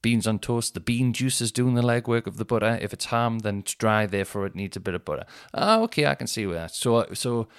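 A man's voice: medium pitch, a little fast, few pauses, smooth. A man, hosting a podcast and telling rambling, sweary comic stories. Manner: sweary, rambling, animated retelling with shouted put-on quotes. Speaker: podcast host. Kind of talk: casual comedic storytelling.

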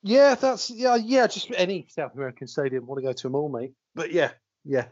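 A man's voice: fairly high pitch, a little fast, dry recording. A man on a casual podcast, making hesitant quiz guesses that trail off into mumbles. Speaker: podcast co-host, quiz contestant. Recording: dull lo-fi dry audio.

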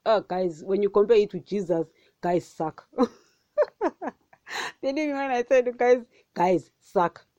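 A woman hosting a devotional podcast, talking casually and excitably, often addressing listeners as guys. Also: mid-range voice, a little slow, long pauses, no room sound, highs cut off. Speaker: podcast host.

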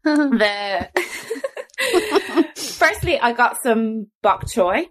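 A woman's voice: on the high side, animated, extremely slow, fairly bright tone. A young woman with an Irish accent, co-hosting a casual podcast chat about a cookbook, chatty and laughing often. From Ireland. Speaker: podcast co-host.

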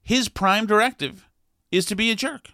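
A man's voice: high-pitched, normal speed, pushed and bright, no room sound, studio quality. Wry rambling man. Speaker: storyteller. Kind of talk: casual monologue.

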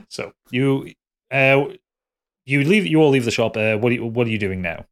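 A man runs a tabletop role-playing game for friends, narrating scenes casually and ramblingly, restarting mid-sentence and laughing with the players. His medium-pitched voice has lively intonation and moves a little slowly.

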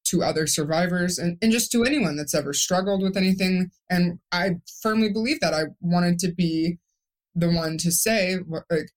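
A woman's voice: lowish voice, steady tone, moderate pace. A young woman speaking candidly and emotionally as a guest on a podcast, rambling with restarts. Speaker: guest, stroke survivor. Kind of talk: podcast interview.

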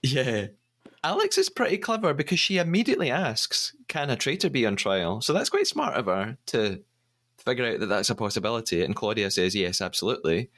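A man's voice: medium pitch, sing-song, fairly quick, a bit bright. Chatty man recapping episodes. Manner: chatty, retelling scenes, some stammered restarts. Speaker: podcast host. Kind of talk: casual recap chat.

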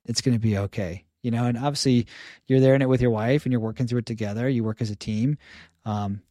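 A man chatting as a podcast guest, telling stories in a lively way and acting out the people he quotes. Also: medium pitch, fast, no echo, clean studio sound. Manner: animated storyteller who acts out quoted people. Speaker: podcast guest, stay-at-home father. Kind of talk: casual podcast conversation.

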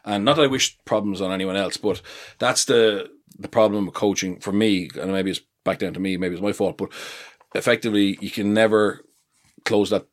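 Irish guest, forties, low voice, chatty and self-deprecating, easy podcast talk. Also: male voice, fairly even intonation, a little fast. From Ireland. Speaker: podcast guest, rugby pundit. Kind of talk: casual podcast chat.

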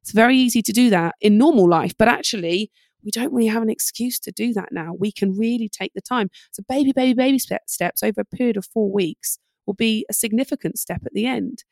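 A middle-aged woman coaching parents at a brisk clip, her voice carrying a gravelly fry. She acts out quick bits of parent-child talk as she explains, and the sound is close and dry. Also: fairly high pitch, dry recording. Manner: fast, animated advice with acted-out parent-child dialogue. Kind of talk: podcast interview.

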